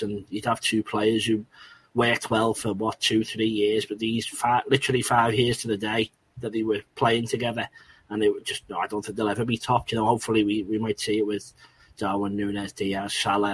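Man on a football podcast, lowish monotone voice, heartfelt and rambly. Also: a little hiss or hum, low-quality recording. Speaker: podcast co-host. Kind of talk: casual football chat.

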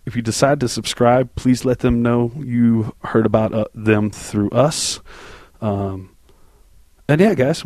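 Male podcast host, loose and rambling, casual swearing, mid pitch, close dry mic. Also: darkish tone, no room sound. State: on cold medicine.

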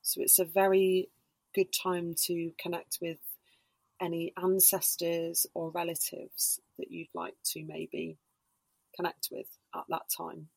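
A woman guest on a casual podcast chat, explaining slowly with lots of hedging fillers. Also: fairly low pitch, completely flat delivery, vocal fry, a little mellow, husky, dry recording. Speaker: podcast guest, Reiki practitioner and embodiment coach.

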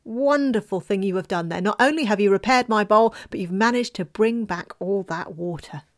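A woman's voice: mid-range voice, normal speed, lightly acted. Woman doing an effusive storybook mother. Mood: delighted. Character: poor warm-hearted mother, delighted.

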